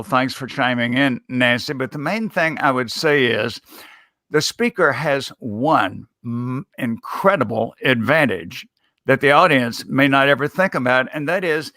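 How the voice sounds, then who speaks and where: Casting: male speech coach guest, bright forceful voice, emphatic and measured, close dry recording. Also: mid-range voice, no room sound. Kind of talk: interview answers.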